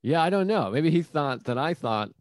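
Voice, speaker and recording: A man's voice: a little high, lively intonation, moderate pace, no echo. A man hosting a podcast, swearing freely and acting out quotes as he tells rambling stories in casual chat. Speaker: podcast host.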